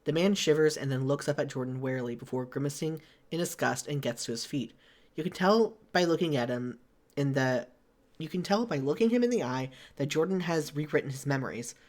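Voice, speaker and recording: A male streamer reading a game's narration aloud, steady between bursts of laughter and casual swearing. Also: on the high side, fairly quick.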